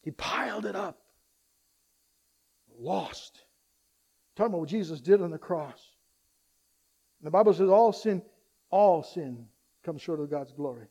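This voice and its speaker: A man preaching a sermon, swinging between loud urgent appeals and soft hushed asides, acting out quoted voices and having the congregation repeat lines after him. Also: high-pitched, animated, a little slow, creaky, long pauses. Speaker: pastor.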